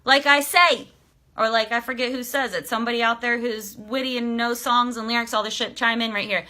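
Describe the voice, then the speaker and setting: A woman life coach talking on a live stream, emotional and excitable, swearing freely as she fires coaching questions at her viewers. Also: fairly high pitch, fairly quick. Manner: emphatic, coaching questions to the audience. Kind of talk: motivational live stream talk.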